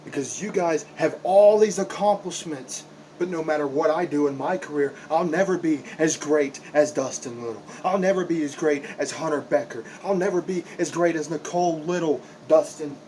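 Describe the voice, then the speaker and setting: A man with a drawl delivers a heated wrestling promo in a voice pitched a bit high. He talks in a confrontational way and hammers his points home by repeating them. A faint hum sits behind him. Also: normal speed, warm tone, rough recording. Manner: impassioned, repetitive, confrontational. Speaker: backyard wrestler.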